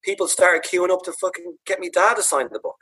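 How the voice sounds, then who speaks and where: A high-voiced man from Ireland, speaking a little fast in a Dublin accent, is heard on a rough recording. He's an author guesting on a podcast, animatedly telling funny stories about his father with plenty of laughing and swearing.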